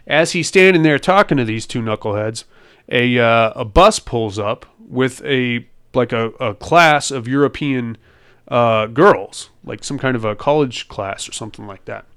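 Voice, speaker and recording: A man's voice: medium pitch, measured pace, fairly bright tone, clean tone. A man hosting a podcast, casually recapping a film in a rambling, crude and joking way. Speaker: podcast host.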